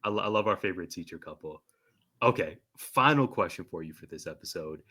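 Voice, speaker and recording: A man's voice: low-pitched, lively intonation, fairly quick, bright, forceful tone. A man hosting a casual TV recap podcast, upbeat and prompting his guest with questions. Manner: upbeat, reads plot summaries and prompts guest. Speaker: podcast host.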